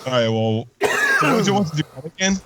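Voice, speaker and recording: A man's voice: fairly high pitch, sing-song, quick pace, heavy background noise. Easygoing podcast co-host man. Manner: easygoing, short reactions, laughs often. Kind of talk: casual chat.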